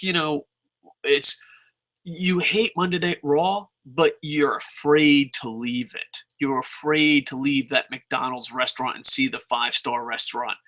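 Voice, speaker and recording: A man ranting casually and profanely as he reviews wrestling shows. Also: on the high side. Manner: profane and animated, mocking others in silly voices.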